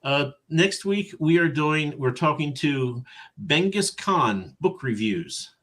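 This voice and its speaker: A man co-hosting a podcast as an author, chatting casually and telling animated, self-deprecating stories. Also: fairly high pitch, takes it slowly. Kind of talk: casual chat.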